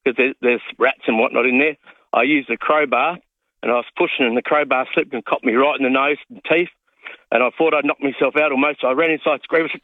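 A man's voice: medium pitch, fairly even intonation, fast, no room sound. A man in his late fifties, a radio caller, telling a rambling, self-mocking story over the phone. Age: 50s. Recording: tinny phone line.

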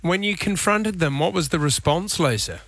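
A man's voice: on the high side, animated, normal speed, fairly bright tone, dry recording, faint music behind. A man co-hosting a radio show, cracking jokes and chiming in. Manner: wisecracking, short interjections. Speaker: radio host. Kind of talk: casual radio banter.

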